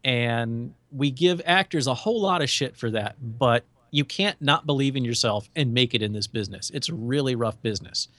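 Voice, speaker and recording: A man co-hosting a podcast, chatting casually and telling stories with lively, acted-out quotes. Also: mid-range voice, normal speed, few pauses, no echo. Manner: animated storyteller, acts out quotes in shifting voices. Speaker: podcast co-host. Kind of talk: casual chat.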